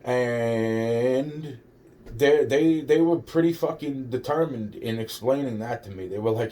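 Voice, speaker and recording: A man's voice: mid-range voice, unhurried, mellow. A man rambling through a personal story in a vlog, swearing heavily, repeating himself and acting out quoted dialogue. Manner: rambling, profane, many restarts and quoted dialogue. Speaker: vlogger telling a personal story.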